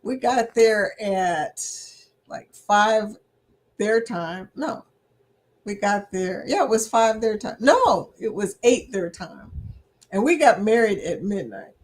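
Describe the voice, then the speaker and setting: A woman's voice: mid-range voice, slow pace. A middle-aged woman hosting a casual livestream chat, reading viewer comments aloud and laughing often as she talks. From United States. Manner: laughs often, chatty and animated.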